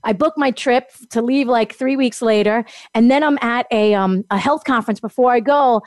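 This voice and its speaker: A woman telling a long personal story in casual chat, animated and laughing often as she acts out what people said. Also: on the high side, moderate pace, no echo, clean studio sound. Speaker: guest.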